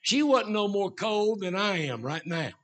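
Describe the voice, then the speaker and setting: A middle-aged man preaching a sermon as a Baptist preacher, swinging from shouted emphasis to low asides. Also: sing-song, measured pace.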